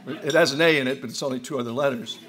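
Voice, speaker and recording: A man's voice: mid-range voice, racing, a bit bright. A man in his sixties or older from the United States, telling humorous stories to an audience in a wry, self-deprecating way, often restarting his sentences. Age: 60s or older. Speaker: speaker at a roundtable. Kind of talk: humorous storytelling speech. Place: event hall before an audience.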